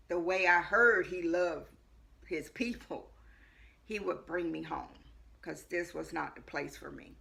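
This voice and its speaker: A woman with a low, gravelly voice that still cuts through sharp and bright. She tells her personal testimony with earnest repetition and swings between hushed lines and loud ones. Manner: earnest storytelling with frequent repetition. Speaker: life coach.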